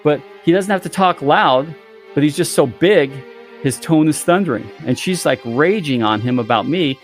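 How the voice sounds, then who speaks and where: A man's voice: on the high side, moderate pace, soft background music. A man who is a guest on a podcast, telling a story in a theatrical way and playing up the drama. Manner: theatrical, exaggerating for effect. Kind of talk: animated storytelling.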